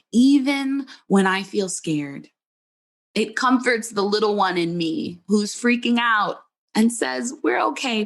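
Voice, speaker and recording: Slow, gentle woman podcast host. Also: medium pitch. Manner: gentle, earnest, encouraging. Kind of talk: reflective podcast monologue.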